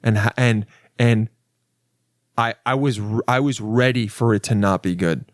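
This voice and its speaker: A man's voice: lowish voice, a little slow, no room sound, clean studio sound. A young adult man hosting a podcast, telling a story in a casual, rambling, profane and self-mocking way, with many restarts. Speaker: podcast host.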